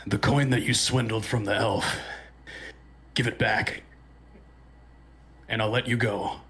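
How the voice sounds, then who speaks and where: A man voicing a gruff, quick-tempered male paladin in a tabletop game, making stern, blunt demands. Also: fairly low pitch, fairly even intonation, fairly bright tone. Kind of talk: tabletop game role-play.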